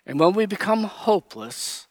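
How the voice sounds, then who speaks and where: A man preaching a sermon, teaching slowly and with emphasis, raising his voice when he quotes. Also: high-pitched, big pitch swings, no echo. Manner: slow, emphatic Bible teaching, quoting figures in raised voice.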